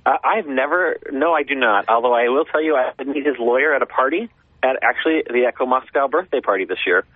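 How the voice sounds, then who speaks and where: Fast-talking American man on a tinny phone line. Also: mid-range voice, no echo. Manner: relaxed, good-humored, hedging. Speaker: embassy press secretary guest. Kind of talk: phone-in radio interview. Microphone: telephone.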